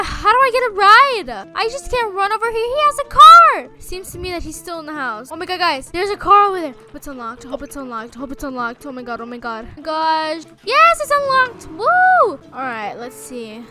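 A woman gamer and channel host giving excitable roleplay commentary, often panicking and repeating herself. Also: very high voice, normal speed, over music. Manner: panicky, exclaiming, repeats phrases.

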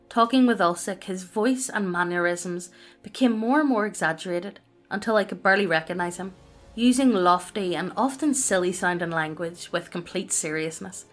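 A woman reading a personal story aloud as scripted narration, in a steady, even delivery. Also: lowish voice.

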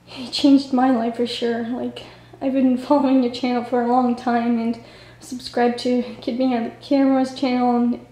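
A woman vlogger fighting back tears, talking in a halting, hesitant way with many pauses. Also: on the high side. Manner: halting, hesitant, soft-spoken. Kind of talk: tearful video tribute. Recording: echoey room.

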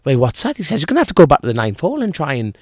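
Animated man. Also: a little high, rapid-fire, no room sound. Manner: animated storyteller, repeats himself, acts out voices. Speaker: podcast co-host. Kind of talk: casual chat, telling a long joke.

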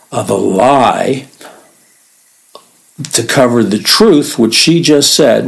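A man's voice: mid-range voice, vocal fry, low-quality recording. Earnest man teaching scripture. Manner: earnest, emphatic, repeats words while explaining; reads scripture quickly between slower commentary. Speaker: radio minister and host. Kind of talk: radio Bible teaching.

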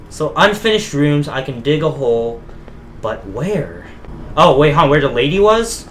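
A man's voice: mid-range voice, very animated, measured pace, fairly bright tone, a little hiss or hum. A young man streaming a horror game. He reads the in-game diary notes aloud, mutters to himself, and swears and yelps at the scares. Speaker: gameplay streamer.

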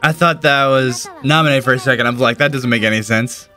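A man's voice: medium pitch, brisk, sharp tone, soft background music. A young man gushing and exclaiming as a gaming YouTuber reacting to a trailer.

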